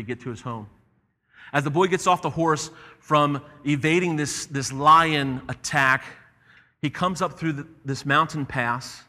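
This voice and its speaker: A pastor preaches with a bright, forceful, slightly high voice, telling the story earnestly and repeating his key phrases. His words ring out with a long echo in a church hall. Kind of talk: sermon.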